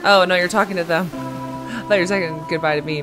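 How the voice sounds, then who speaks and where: A woman's voice: on the low side, brisk. A young woman giving casual commentary while playing a video game, reading game text aloud and chatting to herself. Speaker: gaming streamer. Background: game music.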